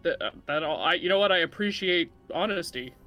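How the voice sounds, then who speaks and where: A player in a tabletop game, giggly and quick to laugh. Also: mid-range voice, lively intonation, bright, forceful tone, faint music behind.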